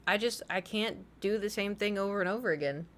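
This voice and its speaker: A woman's voice: mid-range voice, a little fast. A young woman with a slight lisp from braces, chatting casually on a live stream and telling rambling, self-mocking stories with frequent laughter.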